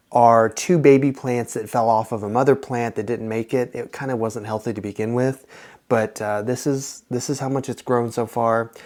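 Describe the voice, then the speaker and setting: A man's voice: mid-range voice, darkish tone. A young man hosting a casual plant-care vlog, talking in a rambling, friendly way with lots of fillers and restarts. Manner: chatty, rambling, lots of fillers and self-corrections. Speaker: plant channel host.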